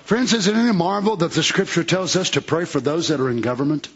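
A man preaching a fiery sermon, moving between quiet talk and shouted bursts in folksy grammar. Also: on the high side, lively intonation, fast, slightly rough, dull audio.

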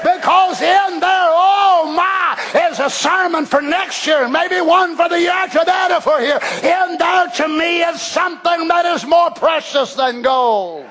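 An older man preaching a fervent sermon as pastor in a church, shouting at times and dropping to hushed tones. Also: very high voice, measured pace, hardly any pauses, slight background noise. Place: church sanctuary.

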